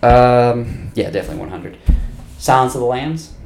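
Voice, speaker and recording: A man co-hosting a casual movie podcast, telling stories in an animated way, acting out quotes and swearing often. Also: mid-range voice, moderate pace, noisy background. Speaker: podcast co-host. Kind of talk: casual chat. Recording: roomy echo.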